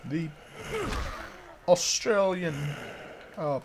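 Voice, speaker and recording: A young man commentating a zombie game as he plays, joking around, humming along and yelling in panic when attacked. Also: high voice, drawn-out words, background noise. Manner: jokey, shouts and yelps in panic, hums along. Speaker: gamer. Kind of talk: let's play commentary.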